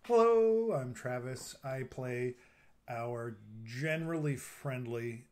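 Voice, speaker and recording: A man introducing his character at a tabletop game in an animated, joking, rambling way. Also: mid-range voice, takes it slowly. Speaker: player. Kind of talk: casual player introduction.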